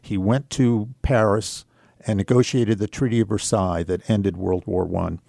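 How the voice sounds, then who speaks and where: A man with a fairly low voice tells a personal story as a radio show guest. He talks in an earnest, reflective way, unhurried, with the odd filler. His voice comes across close and dry, with no room sound. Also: fairly even intonation, vocal fry, mellow, dry recording.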